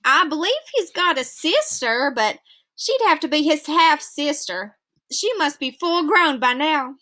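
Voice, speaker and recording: Lady doing a low drawly old grandpa type, jokey and teasing, kinda bright tone. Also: expressive, unhurried, full character voice. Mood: musing. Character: teasing older man, grandfatherly joker.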